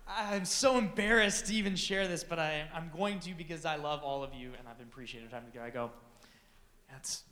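A man telling a comic personal story to an audience, animated and self-deprecating, acting out the dialogue. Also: on the high side, fairly quick, echoey room. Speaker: speaker addressing an audience.

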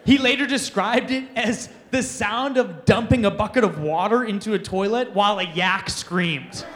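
A man telling funny, self-deprecating stories as a youth conference speaker to teens, animated and laughing as he goes. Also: high-pitched, moderate pace, long reverb tail, a little hiss or hum. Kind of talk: storytelling talk to teens.

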